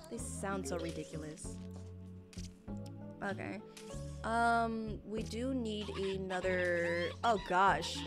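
A young woman streams a game live, panicking, exclaiming and pleading with it as she plays, with game music behind her. She gives this live gameplay commentary at medium pitch and a slow pace.

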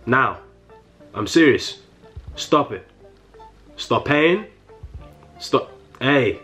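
A man's voice: medium pitch, animated, very slow, a bit bright, faint music behind. A young man with a London accent rants to camera in mock fury, repeating himself, stammering and breaking into laughs. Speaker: comedy vlogger. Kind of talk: satirical rant to camera.

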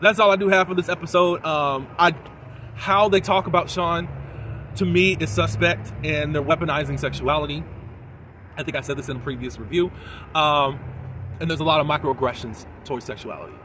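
A man casually reviewing a reality show episode, animated and quick to mimic the cast in exaggerated voices. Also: a little high, a little hiss or hum. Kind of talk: casual reaction commentary.

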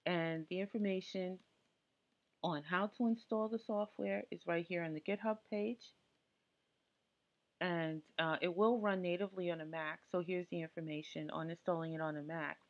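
Tech tutorial host, woman, low-pitched, chatty and casual with asides, muffled lo-fi sound. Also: steady tone, moderate pace. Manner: chatty, with frequent ums and asides. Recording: dull lo-fi audio.

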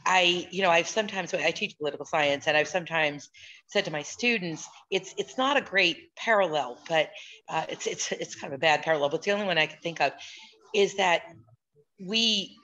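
A woman who teaches political science, speaking on a video call in a thoughtful, halting way with many fillers and restarts. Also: on the low side, bright, forceful tone, dull audio. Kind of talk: casual discussion.

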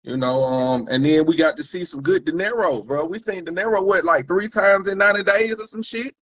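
A man's voice: high voice, brisk, fairly bright tone, dry recording. A man co-hosting a casual chat reviewing rap battles, loose and slangy, cutting in on his partner. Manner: loose, slangy, talks over his co-host.

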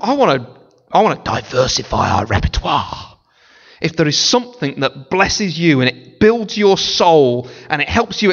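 A high-voiced man preaching with a lively, swooping delivery. He keeps it playful and chatty, slipping into mimicry of others. The recording is muffled and lo-fi, with the long echo of a large church hall. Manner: animated, playful, breaks into sung snippets and mimicry. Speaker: pastor. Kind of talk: sermon. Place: church sanctuary. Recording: dull lo-fi sound in a large reverberant church hall.

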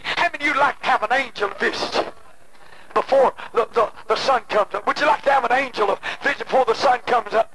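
A man preaching a revival sermon, fervent and repetitive, now and then shouting. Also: very high voice, fairly quick. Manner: fervent, chanting repetition, breaks into shouts and cries. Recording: old cassette tape with faint hiss.

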